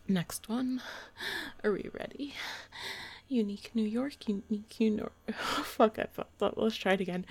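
A young woman reciting tongue twisters, giggly and swearing, coaching herself along in a breathy half-whisper. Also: mid-range voice, measured pace, long pauses, a little mellow. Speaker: content creator.

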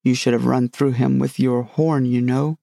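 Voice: mid-range voice, level tone, moderate pace, creaky, dark tone, no echo, studio quality, close to an everyday voice. A narrator doing a nervous, fussy old king. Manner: nervous, quavering.

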